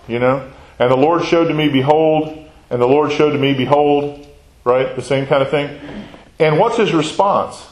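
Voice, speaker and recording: In a reverberant, low-quality recording, a man with a fairly high voice at normal speed leads a Bible study class. He reads scripture aloud, explains it conversationally and keeps quizzing his listeners, tagging lines with "right?"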